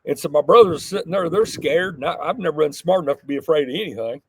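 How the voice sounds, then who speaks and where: A middle-aged man, a podcast guest telling a folksy, animated story from his childhood. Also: on the high side, fast talker, slightly rough, no echo. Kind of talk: casual storytelling.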